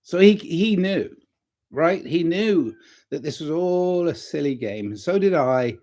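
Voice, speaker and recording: A man speaks straight to his viewers in a loose, wandering monologue. His voice is mellow and warm, and he drifts from anecdote into soft-spoken life advice. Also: a little high, animated, measured pace. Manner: rambling and reflective, retells stories and gives gentle advice. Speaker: vlogger. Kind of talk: casual talking-to-camera monologue.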